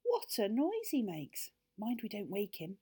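A woman voicing a cautious, excitable young girl in a children's story. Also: mid-range voice, unhurried, husky, exaggerated voice. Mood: eager, fretful.

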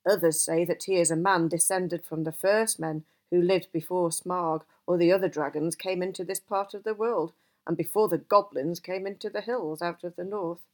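A woman voicing an old male wizard who is gruff and easily cross, talking emphatically in a storybook reading. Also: fairly low pitch, steady tone, moderate pace, natural voice. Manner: emphatic, exasperated outbursts.

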